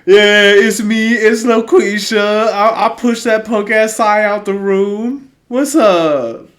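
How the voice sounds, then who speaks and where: A loud, swaggering woman persona, as a man puts her on for a podcast bit. The voice rides high and booms out, full of brash attitude. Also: slow. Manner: shouty, swaggering.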